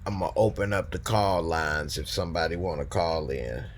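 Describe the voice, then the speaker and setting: A man hosting a live call-in stream in a relaxed, slangy way, reading out and answering viewer comments. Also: low voice, moderate pace, a little hiss or hum. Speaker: host of a live call-in show. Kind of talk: casual live-stream chat.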